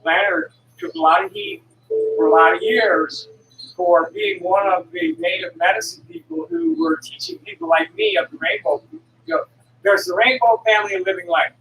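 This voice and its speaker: A woman's voice: mid-range voice, big pitch swings, moderate pace, a bit bright, a little hiss or hum. Rambling older woman in an echoey room. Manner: rambling, digressive, many restarts and fillers; blunt, occasionally profane. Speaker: traveling herbal medicine seller. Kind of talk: rambling spiritual monologue. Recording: echoey room from some distance, faint ambience.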